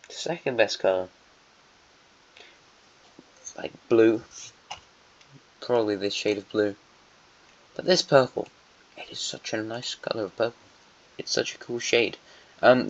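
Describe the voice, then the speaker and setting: Rambling guy on a lo-fi mic. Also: medium pitch. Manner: meandering, musing aloud, self-correcting asides. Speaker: alternate-history map narrator. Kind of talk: casual rambling commentary. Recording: dull lo-fi mic.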